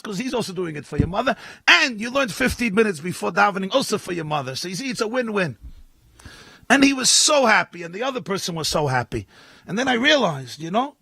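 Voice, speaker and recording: A man, a rabbi, giving a lively sermon at a live gathering, telling stories and acting out the voices in them. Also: high-pitched, gravelly, slightly rough, dry recording. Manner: animated storytelling, acting out voices, rising to shouts. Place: live event with an audience.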